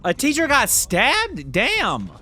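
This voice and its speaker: A man's voice: very high voice, wildly swooping pitch, slow pace, bright, forceful tone. Profane, fired-up young man reacting. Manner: profane, blunt and worked up, swearing often. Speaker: reaction channel host. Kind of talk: casual reaction commentary.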